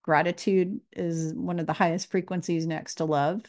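Lady spiritual teacher talking to camera, kinda low voice, keeps asking the same thing over and over. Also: flat delivery, normal speed, a little mellow. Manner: earnest, repeats questions, acts out quotes. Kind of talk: casual spiritual talk to camera.

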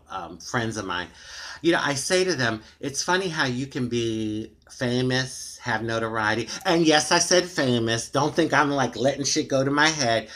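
A woman's voice: extremely low pitch, fairly bright tone. American woman rambling to her tablet cam at home, candid, lots of "you know"s. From United States. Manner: chatty, candid and frustrated, rambling with many fillers. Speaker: vlogger. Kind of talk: casual talk to camera. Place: dimly lit room at home. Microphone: tablet camera microphone.

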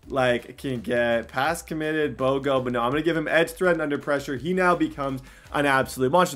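A young man giving casual, excitable commentary while playing a football video game, breaking into loud outbursts and mocking himself. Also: high voice. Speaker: gaming commentator.

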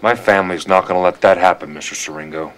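A man's voice: low-pitched, fast, natural voice, low-quality recording. An actor playing a defiant young man held captive in a 1990s TV western, who answers in short, curt lines. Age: young adult. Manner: terse, curt, defiant replies.

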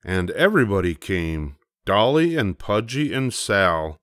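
An older man reads a children's picture book aloud in a slow, gentle, measured way. His voice sits very low. The sound is dry and close. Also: very animated, no echo. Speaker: storybook reader. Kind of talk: bedtime story read-aloud.

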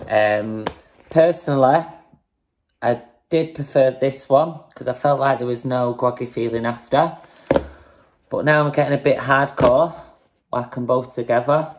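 A woman's voice: a bass voice, darkish tone, slight background noise. A woman casually chatting in a home vlog, breezy and swearing now and then as she shows off products. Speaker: fitness vlogger.

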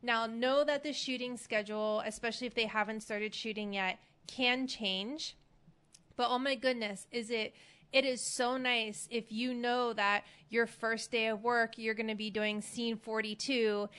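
A woman hosts an advice podcast in a chatty, upbeat manner and pokes fun at herself now and then. Her voice sits a little high and sounds smooth and clear. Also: sharp tone. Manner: chatty and upbeat, with self-deprecating asides. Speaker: podcast host.

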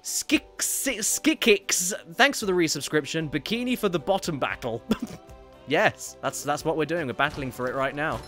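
A man's voice: fairly high pitch, animated, a bit bright. Chatty man streaming a game. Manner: chatty, reads viewer messages aloud with quick asides. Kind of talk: casual live-stream chat while gaming. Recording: faint game music behind.

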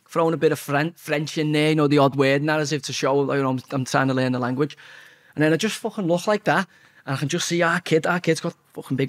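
A man's voice: a little high, a bit bright. A man in his forties with a Scouse accent, telling a rambling anecdote in casual chat, swearing constantly and restarting his sentences. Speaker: guest. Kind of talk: casual storytelling.

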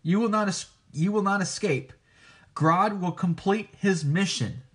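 A man reading out the lines of a huge, menacing male telepathic gorilla in a slow, deliberate voice. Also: sits high, husky.

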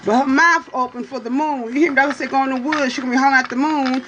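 A woman's voice: steady tone, quick pace, lo-fi sound, heavy background noise. A woman hosting a casual livestream, talking straight to her viewers in a playful, teasing way and often asking "you hear me?". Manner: drawling, swoops into high exclamations. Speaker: livestream host reading for viewers.

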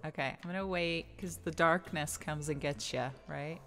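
A woman's voice: low-pitched, moderate pace, fairly bright tone, faint music behind. A woman commenting playfully on a game she plays, singing and humming along and laughing often. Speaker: gamer streamer. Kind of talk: game play-through commentary.

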